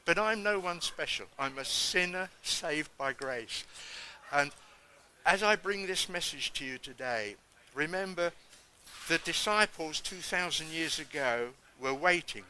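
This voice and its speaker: A man giving an emphatic sermon testimony, telling his story and acting out the words of others with big swings in pitch. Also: lively intonation, measured pace, pushed and bright, a little hiss or hum, low-quality recording.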